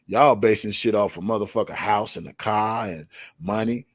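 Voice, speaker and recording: A man's voice: on the low side, measured pace, breathy edge, no room sound, studio quality. A man hosting a live show, ranting in blunt, profane, confrontational commentary and repeating key words for emphasis. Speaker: livestream show host. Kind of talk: heated commentary rant.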